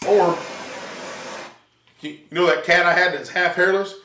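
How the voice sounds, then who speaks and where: A high-pitched man with a drawl tells animated stand-up stories from home, throwing in sound effects like "boom" and "pow." He sounds a little distant from the mic, in a roomy, echoey living room. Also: unhurried, a little hiss or hum. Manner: animated storytelling, sound effects, talks to audience. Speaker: stand-up comic.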